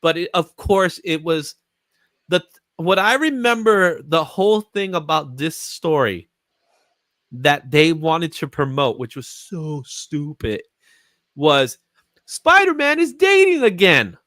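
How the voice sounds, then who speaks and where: A man's voice: a little high, takes it slowly, a bit bright, no echo. A man hosting a comics market show, chatting casually and laughing often. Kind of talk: casual chat.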